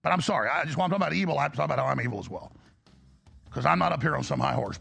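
A man's voice: a little high, animated, rapid-fire, creaky, fairly bright tone, breathy edge. A middle-aged man hosting a talk show, delivering a rambling, impassioned confessional monologue that rises into preaching.

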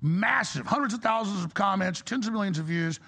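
A man's voice: high voice, animated, a little fast, bright, forceful tone. A male talk show host delivering an angry, exasperated political rant, blunt and profane. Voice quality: gravelly.

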